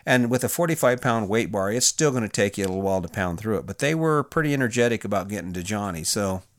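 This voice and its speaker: A man's voice: on the low side, expressive, fast talker. A middle-aged man, a former prison officer, telling a personal story in a candid, plain-spoken way with restarts and fillers.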